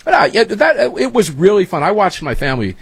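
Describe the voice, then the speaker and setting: A man's voice: sits high, sing-song, fast, creaky, slightly rough, no room sound. A man hosting a talk show, chatting casually and rambling through stories. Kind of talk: casual chat.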